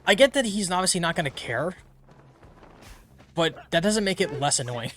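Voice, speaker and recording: A man's voice: sits high, expressive, moderate pace, fairly bright tone, slight background noise. A man streaming a video game, rambling chattily through casual commentary. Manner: rambling, many fillers, chatty.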